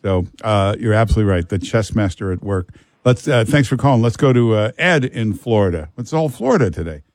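A man's voice: fairly low pitch, animated, a little fast, a little mellow, no echo, studio quality. A man hosting a talk radio show, emphatic and joking, repeating himself for effect. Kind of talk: casual talk radio chat.

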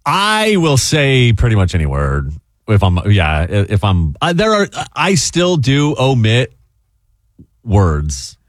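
A man's voice: medium pitch, huge pitch swings, no room sound, clean studio sound. A man co-hosting a radio show, joking and playful in casual chat. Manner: playful, joking, quick to laugh. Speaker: radio co-host.

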